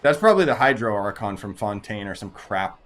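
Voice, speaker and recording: A man's voice: lowish voice, very animated, fairly quick, fairly bright tone. A young man giving casual gameplay commentary, sarcastic, dismissive and slangy. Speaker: gaming video creator.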